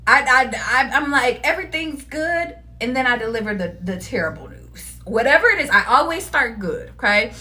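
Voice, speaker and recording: A woman giving a casual tarot reading to her viewers, animated, laughing often and cursing freely. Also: high voice, moderate pace, hardly any pauses. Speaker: tarot reader.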